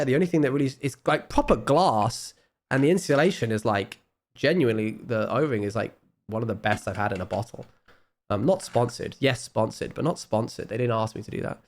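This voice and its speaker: Under-the-weather male streamer, casual rambling chat, self-mocking, mid pitch. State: ill, low on energy. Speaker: live streamer.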